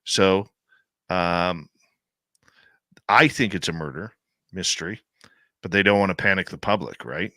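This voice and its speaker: A man's voice: sits low, animated, measured pace, long pauses, pushed and bright, no echo, studio quality. A man hosting a talk radio show, chatting with a guest and reading upbeat promos. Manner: upbeat promo delivery, conversational. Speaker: radio host.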